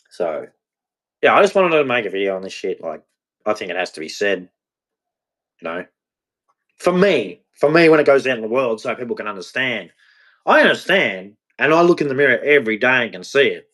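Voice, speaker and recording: A man in a confessional vlog monologue, speaking in a halting, repetitive way and swearing freely. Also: mid-range voice, sing-song, fairly bright tone. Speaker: vlogger.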